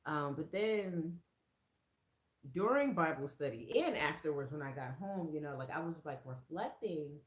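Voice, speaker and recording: Lively low-voiced woman telling a testimony. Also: measured pace, echoey room. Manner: excited storyteller who acts out quoted lines in a much higher voice. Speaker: faith vlogger sharing a testimony. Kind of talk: casual spoken testimony. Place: her own room, indoors.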